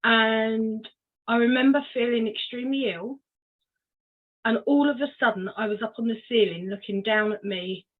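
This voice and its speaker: An older woman from Cornwall shares her story as a podcast guest. She speaks at a middle pitch, unhurried and reflective, with many small ums, and the sound is thin and boxy, like a phone call. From Cornwall, England. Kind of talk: personal story in a podcast interview. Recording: tinny phone-like line.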